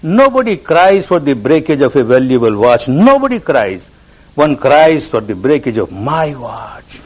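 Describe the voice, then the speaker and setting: A man's voice: mid-range voice, very animated, unhurried, rough recording. A man giving a spiritual discourse as a meditation teacher. He stresses his points by repeating words and phrases.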